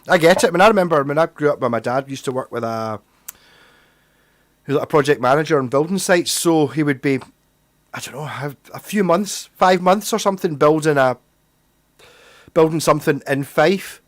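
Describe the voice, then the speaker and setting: A man with a Scottish accent hosts a casual livestream and rambles through stories with restarts and self-deprecating asides. His voice sits a little high for a man, and he sounds a bit tipsy. The sound is dry and close, with no room echo. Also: fairly quick. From Scotland. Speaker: livestream host. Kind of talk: casual chat with chat readers.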